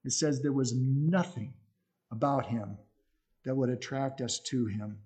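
A man's voice: medium pitch, measured pace, darkish tone. A middle-aged man speaking as a missionary preacher, earnest and conversational, with frequent restarts. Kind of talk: sermon.

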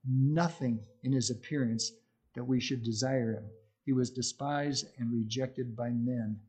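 Middle-aged guy preaching, earnest and chatty, mellow voice. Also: mid-range voice, fairly even intonation, a little slow. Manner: earnest, conversational with restarts. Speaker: missionary speaker. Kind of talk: sermon.

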